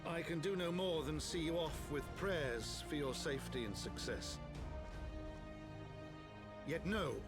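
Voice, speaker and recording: Guy doing a sad old lord, slow soft farewell, music behind. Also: on the high side, lightly acted. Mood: solemn. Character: grieving older male nobleman, gentle. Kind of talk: voiced game cutscene. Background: game music.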